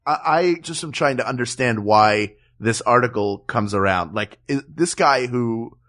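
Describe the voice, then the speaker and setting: A man's voice: mid-range voice, measured pace, fairly bright tone. A man co-hosting a comedy podcast, bantering casually and laughing often with his co-host.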